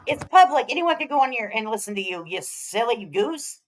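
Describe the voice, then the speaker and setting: A woman's voice: fairly high pitch, lively intonation, a little fast, rough recording. A woman hosting a reaction commentary, teasing and sarcastic, often breaking into laughter. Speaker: commentary channel host.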